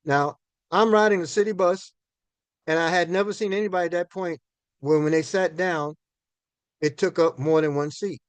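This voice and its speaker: A man in his sixties with a fairly high voice, talking to an audience in a loose, folksy storytelling way. He repeats and restarts words as he thinks aloud. The sound is close and dry. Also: fairly even intonation, moderate pace, pauses often, clean tone, dry recording. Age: 60s. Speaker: minister giving a finance talk.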